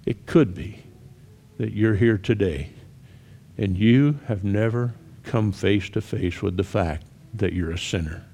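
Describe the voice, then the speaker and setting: A man preaching a sermon, telling a story with shouted cries and then dropping to hushed, earnest appeals. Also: fairly low pitch, a little slow.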